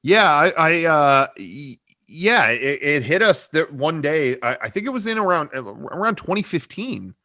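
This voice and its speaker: Bright, dry-sounding man rambling casually. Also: on the high side, sing-song, unhurried, no room sound. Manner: rambling, hedging, many "you know" fillers. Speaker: interview guest, comedy video creator. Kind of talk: casual video-call interview. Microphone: desk microphone on a cable.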